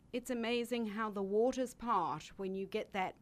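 A woman's voice: medium pitch, moderate pace, hardly any pauses. South African woman, an eager radio guest. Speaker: guest, life coach. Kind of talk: radio interview talk.

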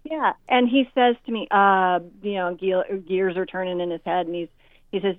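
A woman's voice: mid-range voice, moderate pace, no echo, phone-quality sound. Woman author telling stories over phone. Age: 40s. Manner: animated storyteller, acts out quotes. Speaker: guest author. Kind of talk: interview storytelling.

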